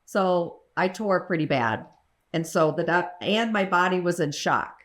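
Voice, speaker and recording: A woman's voice: fairly low pitch, unhurried. A woman co-hosting a casual podcast, telling candid, blunt stories among friends. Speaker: podcast co-host. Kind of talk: casual chat.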